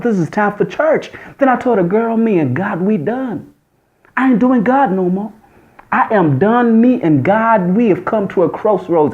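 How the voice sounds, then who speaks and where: Man, slightly high voice, emphatic testimony, repeats phrases, dull lo-fi sound. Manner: repetitive, emphatic. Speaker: testimony speaker. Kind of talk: personal testimony storytelling. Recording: dull lo-fi recording.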